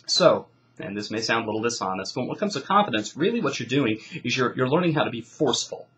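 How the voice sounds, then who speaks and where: A man's voice: mid-range voice, lively intonation, fast talker, fairly bright tone, a little hiss or hum, rough recording. A man coaching debaters, giving instruction in an emphatic, declarative way. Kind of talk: instructional talk.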